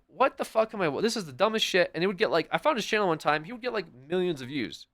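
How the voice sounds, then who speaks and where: A man livestreaming and chatting casually with his viewers in a rambling, profane, animated way. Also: a little high, fast talker, few pauses.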